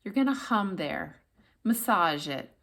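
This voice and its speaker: A woman's voice: mid-range voice, sing-song, a little slow, a bit bright. A woman voice coach giving an instructional talk, demonstrating hums and practice phrases between explanations.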